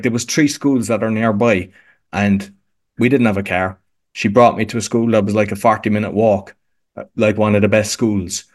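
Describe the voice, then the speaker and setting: An Irish man, a podcast coach, chatting casually as an interview guest, rambling with lots of restarts and fillers. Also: lowish voice. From Ireland. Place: home podcast room.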